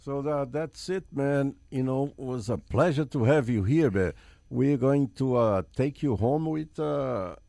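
A man hosting an interview, speaking English haltingly in simple phrases. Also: medium pitch, creaky, warm tone, no echo. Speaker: host. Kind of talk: casual interview chat.

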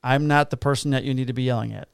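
A man's voice: medium pitch, fairly even intonation, very fast, creaky, clear, resonant tone, no echo, clean studio sound. A middle-aged man, a police officer co-hosting a podcast, joking and laid-back, swearing casually.

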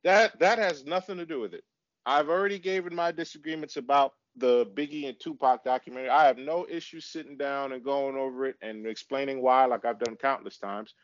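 A man's voice: mid-range voice, brisk, dry recording, highs cut off. A man co-hosting a casual podcast chat, arguing in a heated way and repeating himself. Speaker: podcast co-host.

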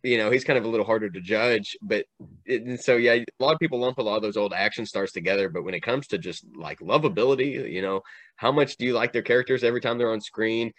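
A man's voice: on the low side, a bit bright, no echo. A man making his case as a guest in casual podcast chat. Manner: quick, thoughtful talker.

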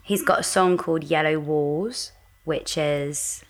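A woman co-hosting a podcast, chatting earnestly and casually with many pauses. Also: deep voice. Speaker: podcast co-host. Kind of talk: casual chat.

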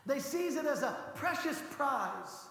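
High, bright-voiced preaching man in echoing hall. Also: sing-song, slow, gravelly. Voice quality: passionate, rising to shouts for emphasis. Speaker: pastor. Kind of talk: sermon. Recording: echoey hall reverb.

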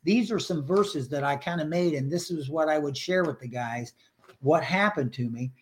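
A man's voice: fairly high pitch, normal speed. Earnest older man telling his testimony. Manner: earnest, emotional storytelling with acted-out prayers. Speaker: guest sharing his faith story. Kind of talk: personal testimony in a podcast interview.

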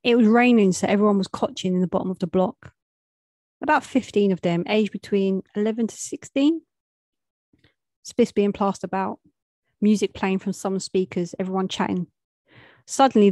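A woman's voice: mid-range voice, fairly even intonation, normal speed, darkish tone, no room sound. A young adult woman, telling a street story in a plain, matter-of-fact way with street slang.

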